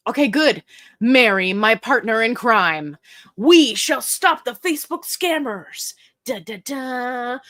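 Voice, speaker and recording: A woman's voice: on the high side, fairly bright tone. A middle-aged woman hosting a casual livestream, chatty and jokey as she reads viewer comments aloud. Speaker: livestream host.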